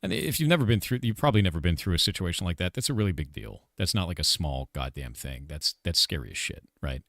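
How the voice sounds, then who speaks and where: A man's voice: sits low, expressive, fast talker, few pauses, a bit bright, no room sound, clean studio sound. A game developer in his forties, chatting casually on a live stream, ranting and swearing with lots of "like" and "dude". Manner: ranting, profane, repeats "like" and "dude".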